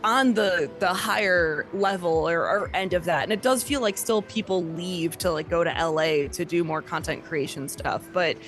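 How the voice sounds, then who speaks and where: A woman's voice: on the low side, normal speed, hardly any pauses, faint music behind. A woman from the Chicago area, a voice actor chatting casually as a podcast guest and saying "like" a lot. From Chicago area, USA. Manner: chatty, lots of "like".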